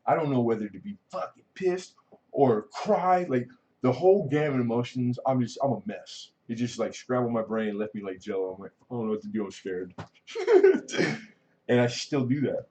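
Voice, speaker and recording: A man's voice: mid-range voice, brisk, warm tone, highs cut off. A middle-aged man hosting a livestream, talking candidly and casually, rambling and swearing freely. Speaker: livestream host.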